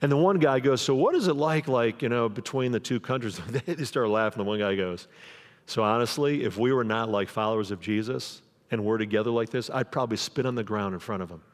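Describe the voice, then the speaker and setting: A man's voice: mid-range voice, a little fast. A man preaching a sermon as pastor, in a conversational way, acting out the quoted voices of the people in his stories. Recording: long hall reverb.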